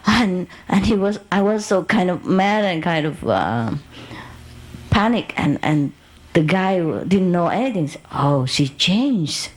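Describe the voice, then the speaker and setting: A woman's voice: lowish voice, a little slow, poor audio. Woman telling a rambling personal story. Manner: animated anecdote with laughs and acted quotes, broken English grammar. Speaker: spiritual teacher. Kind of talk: storytelling talk to an audience.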